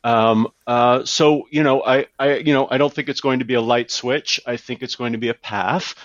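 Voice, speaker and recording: A man's voice: medium pitch, steady tone, normal speed, no room sound, dull audio. A man who leads a theater, answering radio interview questions in a hesitant, rambling way, full of fillers and repeats. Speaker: theater director guest.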